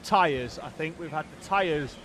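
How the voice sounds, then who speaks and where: A man doing casual co-commentary with quick banter on a live race stream. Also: fairly high pitch, fairly bright tone, a little hiss or hum.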